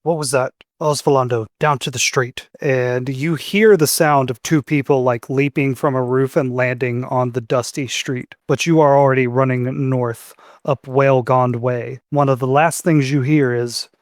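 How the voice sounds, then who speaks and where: A man running a tabletop game as game master, narrating scenes calmly with the occasional filler. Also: medium pitch, a little slow, no echo, studio quality. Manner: calm descriptive narration with fillers.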